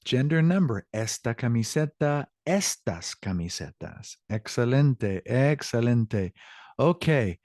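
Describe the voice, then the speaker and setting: A man teaching a language class online, encouraging and quick to repeat praise. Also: medium pitch, expressive, darkish tone, no echo, clean studio sound. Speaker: Spanish teacher.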